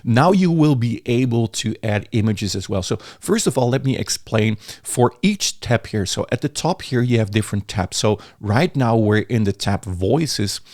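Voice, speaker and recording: A man talks through a software tutorial in a relaxed, chatty way and sometimes restarts his words. His pitch sits in the middle. He is recorded dry at a desk mic. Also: dry recording. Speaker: software reviewer. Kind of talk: casual screen-recorded tutorial.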